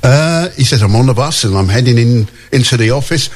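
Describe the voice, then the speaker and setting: A man's voice: medium pitch, animated, fairly quick. A male radio host chatting and reading out listener messages in a jokey way, laughing often.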